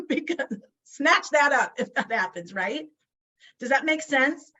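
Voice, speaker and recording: Bright, emphatic woman speaker. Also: a little high, expressive, moderate pace. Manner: emphatic, rhetorical questions, frequent "right?". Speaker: guest speaker. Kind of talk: motivational talk on a video call. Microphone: video call.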